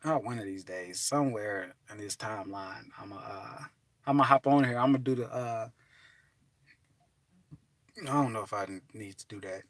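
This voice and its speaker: A man giving an animated, preachy motivational talk from his parked car, breaking into bits of song and laughter. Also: lowish voice, normal speed, pauses often, dry recording. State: hot and restless. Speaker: vlogger.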